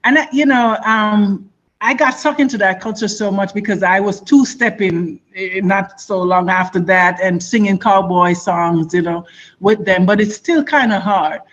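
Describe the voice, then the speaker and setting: Lively Jamaican woman telling stories. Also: mid-range voice, normal speed, muffled recording. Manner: lively storyteller who acts out other people's voices. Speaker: guest, former basketball player. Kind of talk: radio interview.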